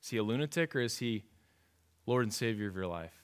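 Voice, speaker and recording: A man's voice: fairly low pitch, expressive, fast talker, clear, resonant tone. A man preaching a sermon in a conversational, emphatic way, with repetition and rhetorical questions. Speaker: pastor.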